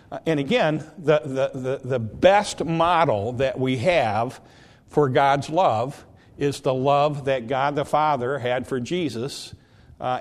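A man preaching a sermon, slow and deliberate, drawing out the scripture he quotes. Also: mid-range voice. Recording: long hall reverb.

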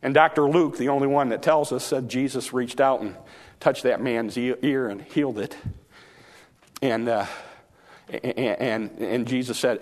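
A man preaching a sermon, retelling scripture as a story with acted-out dialogue, slowing down and dropping softer for emphasis. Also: mid-range voice.

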